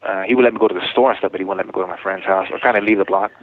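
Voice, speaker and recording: A man's voice: deep voice, steady tone, racing, slight background noise. A middle-aged man telling his own story in casual speech. He rambles, corrects himself and acts out what others said. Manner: rambling, self-correcting, retells dialogue. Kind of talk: personal account in casual talk. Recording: tinny phone line.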